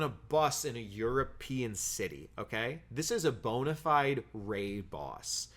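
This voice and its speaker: A man's voice: medium pitch, lively intonation, a little slow, hardly any pauses, a bit bright. A man giving a casual film review, blunt and critical, with frequent "um" fillers and the odd swear word.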